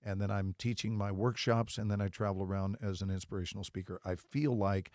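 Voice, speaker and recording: A man in his sixties, an actor and inspirational speaker, telling stories in an animated way as an interview guest. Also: lowish voice, a little fast, no room sound, studio quality. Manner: animated storyteller who slips into voices. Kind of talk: casual interview chat.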